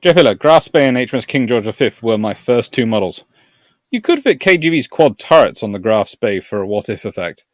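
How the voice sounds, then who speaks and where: A man's voice: mid-range voice, big pitch swings, a little fast, no echo, clean studio sound. A man from Surrey with a southern English accent, hosting a history live stream and chatting casually through viewer comments. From Surrey, England. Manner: rambling, chatty, chuckling.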